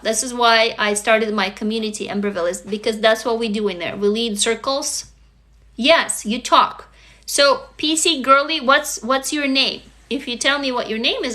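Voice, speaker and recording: Bright-voiced Russian-born woman coaching viewers. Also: a little high. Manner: earnest, coaching, asks viewers questions. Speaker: livestream host and author. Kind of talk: casual live-stream talk. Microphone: phone.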